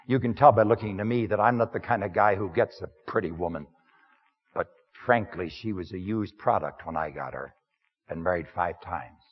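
A male preacher voicing a rough, humble working man who confides his story plainly and wryly. The voice is husky with lively pitch. The recording is dull and lo-fi. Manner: self-deprecating, confiding, plainspoken.

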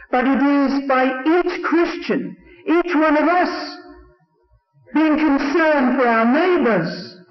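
A man with an English accent, a Salvation Army preacher telling stories earnestly in a sermon, in a roomy, dull old recording. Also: very high-pitched. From England. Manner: storytelling, earnest.

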